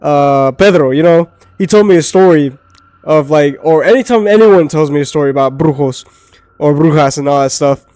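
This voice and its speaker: A man's voice: fairly high pitch, moderate pace, darkish tone, dry recording. A man co-hosting a podcast, retelling a friend's story in casual joking banter. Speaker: podcast co-host. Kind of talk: casual chat.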